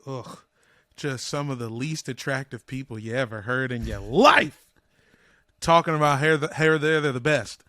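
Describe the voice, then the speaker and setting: A comedian guest on a sports podcast, riffing and joking in playful rants. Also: male voice, medium pitch, normal speed, bright, forceful tone, dry recording, studio quality. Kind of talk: casual sports podcast chat.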